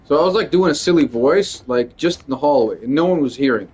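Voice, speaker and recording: Rambling, profane comedian venting. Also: male voice, medium pitch, animated, fast, darkish tone, husky. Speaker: stand-up comedian. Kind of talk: casual venting monologue.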